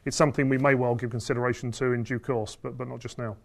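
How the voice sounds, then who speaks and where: A man, a company chief executive, answering analysts in a results Q&A, measured and often restarting phrases. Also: mid-range voice, flat delivery, vocal fry. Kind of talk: results presentation Q&A.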